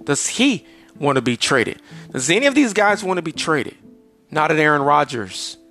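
A man hosting a solo sports podcast, grading a team's roster in an emphatic delivery that stretches some words and rattles off player stats quickly. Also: a little high, big pitch swings, bright, forceful tone, faint music behind. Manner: emphatic, drawn-out delivery with sudden rushes of stats. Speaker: podcast host.

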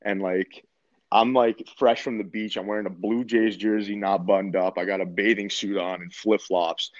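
A man's voice: on the low side, level tone, normal speed, no room sound. A man in his twenties from Canada, telling a story in a laid-back way, full of swearing and filler words. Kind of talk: casual storytelling. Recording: dull, slightly muffled dry recording.

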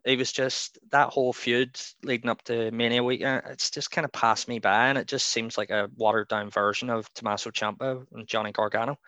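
A man's voice: mid-range voice, steady tone, a little fast, few pauses, bright, forceful tone, dry recording. A man co-hosting a podcast, chatting casually with a rambling, opinionated manner and frequent laughs. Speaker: podcast co-host. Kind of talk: casual chat.

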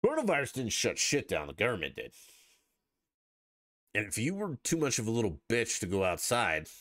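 Male podcast host, lowish voice, swings a lot in pitch, dry close sound, profane and sarcastic. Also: fairly bright tone, no room sound. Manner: profane and combative, heavy swearing; sarcastic, mocks opponents with put-on voices. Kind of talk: casual political rant.

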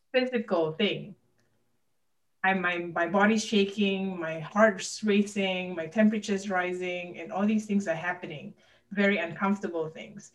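A woman speaking as a guest on a podcast, earnest and open, at a middle pitch. She sits a little back from the microphone, so her voice sounds slightly distant. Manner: earnest, open about personal struggles. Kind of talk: candid personal conversation.

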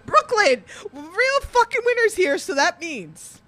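A woman's voice: very high voice, very animated, slow, a crowd in the background. A woman hosting a casual podcast chat, laughing to tears and reading chat comments aloud. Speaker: podcast host.

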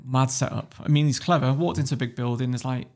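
A guest entrepreneur on a podcast tells a story casually, blunt and swearing freely while laughing along. His voice is medium in pitch, a little mellow, and he talks at a quick pace.

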